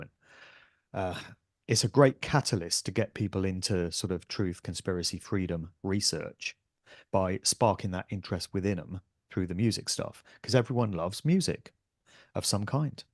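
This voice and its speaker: A man's voice: sits low, a little mellow, dry recording, clean studio sound. A man guesting on a podcast interview, talking in an earnest, emphatic way as an author and speaker.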